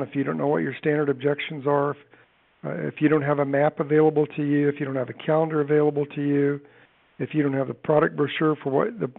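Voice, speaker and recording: A man giving a brisk, emphatic sales training talk, working through tips one by one. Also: on the high side, creaky. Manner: brisk, emphatic list-driven coaching. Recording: tinny phone-like band.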